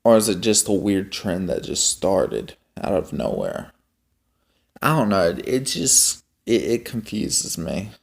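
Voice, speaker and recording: Slow, halting man rambling casually. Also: low-pitched, huge pitch swings, creaky. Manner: slow, halting, many ums and restarts. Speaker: homestead vlogger.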